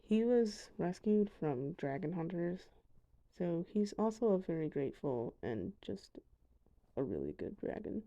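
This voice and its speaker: Dark-toned young woman narrating gameplay. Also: lowish voice, very animated, measured pace, highs cut off. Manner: chatty, self-deprecating asides. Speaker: gamer showing her dragons. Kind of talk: casual voice-over narration.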